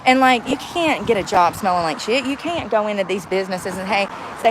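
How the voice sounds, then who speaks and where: A woman's voice: medium pitch, expressive, a little fast. A woman vlogging about being homeless, ranting bluntly with a mouthy, profane way of talking, outdoors and in a car. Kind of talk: ranting vlog. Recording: outdoor street and traffic noise.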